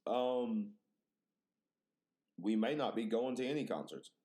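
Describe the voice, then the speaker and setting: A man's voice: medium pitch, takes it slowly. A man hosting a podcast, telling exaggerated, profane stories in casual chat. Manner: animated, profane, exaggerated storytelling. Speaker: podcast host.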